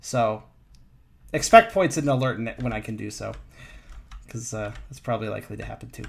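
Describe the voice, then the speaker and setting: A man's voice: fairly low pitch, brisk, creaky. A man streaming an online tabletop game, chatting casually and rambling, correcting himself and laughing often. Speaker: streamer and player. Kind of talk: casual chat over voice chat. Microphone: push-to-talk voice chat mic.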